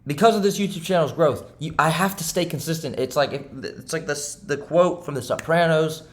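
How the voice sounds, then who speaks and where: A man's voice: a little high, brisk. A young man vlogging about day trading, rambling and frustrated, repeating questions as he vents. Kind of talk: casual confessional monologue.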